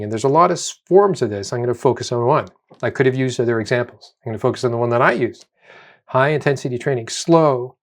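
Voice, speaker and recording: A middle-aged man, a doctor, giving a spoken health lecture, emphatic and repeating key phrases for stress. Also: mid-range voice. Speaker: doctor presenting a health video.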